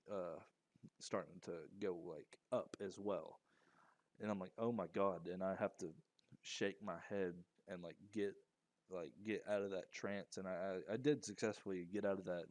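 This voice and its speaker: A man's voice: lowish voice, darkish tone, no echo. A young man casually telling a personal story, rambling with lots of fillers and restarts. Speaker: storyteller vlogger.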